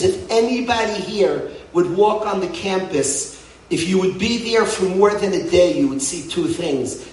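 Middle-aged man, fervent yeshiva head addressing a crowd, loud-to-hushed swings, distant in an echoing hall. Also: sits high, a little hiss or hum. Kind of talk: emotional speech to a crowd. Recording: echoey hall, mic from afar.

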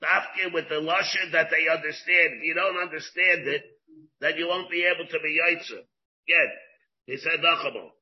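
A man's voice: a little high, steady tone, normal speed. A man, a rabbi, teaching a Talmud lesson who mixes English with Hebrew and Aramaic study terms and restates each point. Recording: dull lo-fi recording.

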